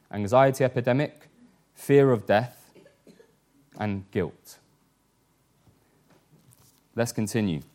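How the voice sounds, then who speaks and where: A man preaching a sermon, earnest, reading scripture aloud with slow, weighty emphasis. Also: fairly low pitch, darkish tone.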